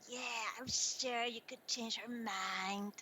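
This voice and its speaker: A woman voicing a cocky male high-school bully who drawls and mocks. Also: steady tone, slow, pushed and bright, a little hiss or hum. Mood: mocking. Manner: drawling, mocking, threatening.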